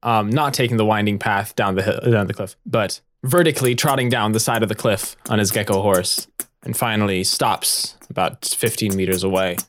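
A man narrating a tabletop game as game master, lively and quick to laugh. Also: fairly low pitch, slight background noise.

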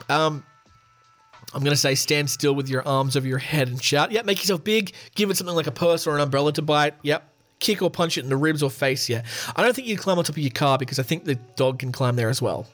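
Reading a quiz on his podcast, a man jokes his way through answering his own questions in a casual chat. He sounds fairly high-pitched, brisk, and bright, with soft music playing behind him.

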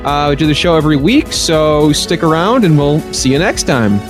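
A man's voice: a little high, expressive, moderate pace. Brief: male podcast host, easygoing sign-off delivery, light music bed. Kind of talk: casual podcast chat.

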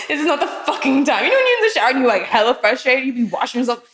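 Woman, casual frank chat, swings her pitch widely, roomy echo. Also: fast talker. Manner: animated, swearing, laughing often. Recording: echoey room.

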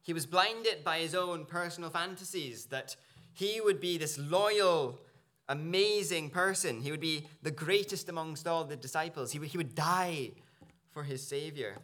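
Man, preacher, earnest sermon delivery, bright slightly high voice. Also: unhurried. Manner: earnest, searching, with small restarts. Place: church.

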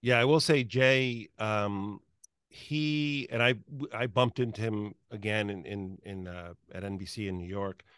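A man hosting an interview who speaks haltingly, with many fillers and repeated words. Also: lowish voice, a bit bright, smooth, no echo, clean studio sound. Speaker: interview host. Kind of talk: casual interview chat.

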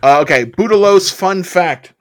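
A man's voice: high-pitched, lively intonation, normal speed. A man hosting a comedy show, joking as he reads out contestant bios. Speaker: comedy podcast host. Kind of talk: improvised comedy banter.

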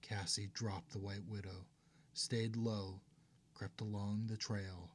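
Low-voiced man narrating steadily. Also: slight background noise. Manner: steady, measured, hushed in tense passages. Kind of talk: audiobook narration.

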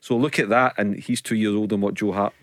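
Chatty Scottish radio pundit. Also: male voice, lowish voice, steady tone, quick pace, a bit bright, dry recording. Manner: chatty, reasoned, builds comparisons. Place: radio studio.

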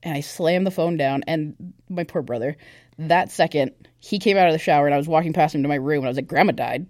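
In this clean studio recording with no room sound, a young female podcast guest speaks quickly in a low, darkish voice. She's giving a candid personal testimony in a casual, conversational way, peppered with fillers.

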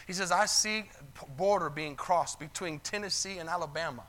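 Man, pastor, sermon storytelling, high voice, bright tone, calls for amens. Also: moderate pace. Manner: retells stories in quoted voices, calls for amens. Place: church sanctuary.

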